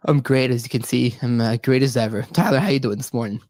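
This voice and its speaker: A woman's voice: rumbling low, fast, darkish tone, dry recording. A woman from Canada hosting a live online talk show in a slangy, giggly way, swearing freely. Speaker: host.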